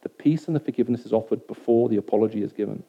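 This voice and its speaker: Male preacher, very dark mellow tone, chatty sermon delivery, dull lo-fi sound. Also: lowish voice, very fast, breathy edge. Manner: conversational, keeps checking in with the audience. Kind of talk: sermon to a live audience. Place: hall with an audience of about a hundred. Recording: dull lo-fi recording.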